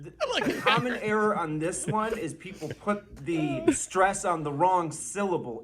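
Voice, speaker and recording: A man's voice: sits high, very animated, a little slow, a bit bright. A man narrating a comedy video as a mock teacher, drawing out his examples. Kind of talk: mock lesson.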